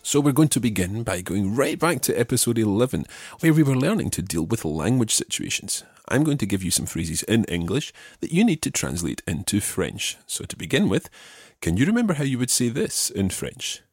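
Husky, lively-voiced male language teacher. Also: mid-range voice, no echo, clean studio sound. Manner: patient, repeats each phrase slowly for learners. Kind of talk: podcast language lesson.

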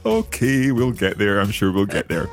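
A man, co-hosting a language lesson as the curious learner who asks questions and repeats phrases slowly. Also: lowish voice, huge pitch swings, soft background music. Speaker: learner co-host.

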